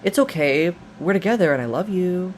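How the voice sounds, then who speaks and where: A fumbling young mad scientist, as a man puts him on in a video essay, stammering apologies in a voice pitched a little above his own. His delivery is halting and pleading. Faint air-conditioner hum sits behind him. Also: animated.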